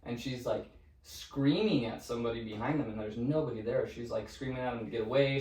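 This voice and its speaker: Dude telling creepy stories on a podcast, swears a lot, sounds far off in an echoey room. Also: male voice, medium pitch, fairly quick. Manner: profane, animated storyteller. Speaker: podcast co-host. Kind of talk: casual storytelling chat. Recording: roomy, distant mic.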